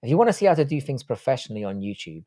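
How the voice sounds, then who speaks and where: A man's voice: medium pitch, big pitch swings, racing, warm tone. A man hosting a casual live stream, reading out viewer chat and answering it with loose, profane talk. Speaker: livestream host.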